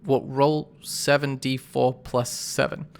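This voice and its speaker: A man's voice: medium pitch, little pitch movement, slow, gravelly, clean tone. A man running a tabletop game as game master, narrating combat in a casual, rambling way with many fillers.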